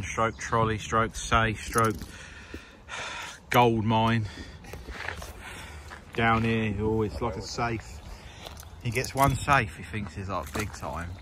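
A man filming a casual outing by a river, narrating with teasing jokes and frequent laughs. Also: lowish voice. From England. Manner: jokey, teasing, laughs often. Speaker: vlogger filming a magnet fishing outing. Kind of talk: casual filmed running commentary. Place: outdoors by a river. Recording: noisy outdoor recording.

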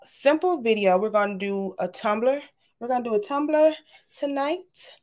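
A woman, hosting a casual craft livestream from home, chatting and greeting viewers by name in an animated way. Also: a little high, moderate pace. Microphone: webcam or laptop camera.

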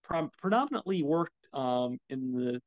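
A man's voice: mid-range voice, animated, measured pace, no room sound, lo-fi sound. A man hosting a casual film podcast alone, rambling with many ums and swearing when his gear acts up. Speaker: podcast host reviewing films. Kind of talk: casual solo film talk.

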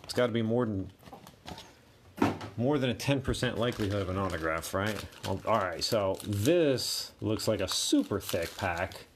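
A man's voice: lowish voice, lively intonation, normal speed, noisy background. A man hosting a card break, casually calling out each card and chatting to himself as he opens packs. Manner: rattles off card names, chatty asides to himself. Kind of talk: casual card-opening commentary.

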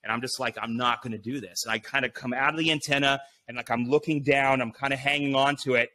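A man guest on a podcast, telling an animated story full of swearing and fillers, acting out his own inner voice. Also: medium pitch, fast talker. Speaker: podcast guest, BASE jumper.

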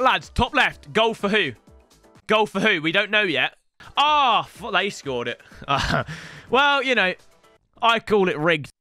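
A young man commentating on a video game, talking to his viewers in a chatty, slangy way and breaking into loud excited outbursts. His voice sits high and swings widely in pitch, with a bright, forceful edge. The sound is dry and close, with faint game music behind him. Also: no room sound. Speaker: gaming YouTuber. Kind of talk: live gameplay commentary.

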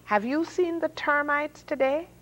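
A woman's voice: high-pitched, a little slow, fairly bright tone, a little hiss or hum, pitched above the performer's own voice. A woman voicing Noah's wife, a worried, fussy old woman, in a storybook read-aloud. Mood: fretful.

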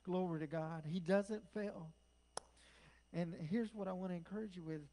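Middle-aged male pastor, higher pitch, impassioned Pentecostal preaching in a church. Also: moderate pace, slight background noise, low-quality recording. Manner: impassioned preaching, swinging from loud declarations to soft whispers. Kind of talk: Pentecostal sermon. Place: church sanctuary.

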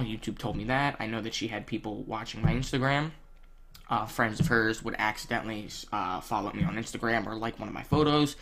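A young man, ranting bluntly to camera in casual vlog talk, swearing a lot and filling pauses with ums. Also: medium pitch, a bit bright. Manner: blunt, profane, heated, with many ums. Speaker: vlogger.

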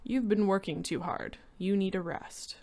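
A woman voicing a calm, reassuring husband in a story reading. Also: mid-range voice, unhurried, close to an everyday voice. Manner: soothing, reassuring. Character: calm, amused husband, adult man. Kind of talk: reading a short story aloud.

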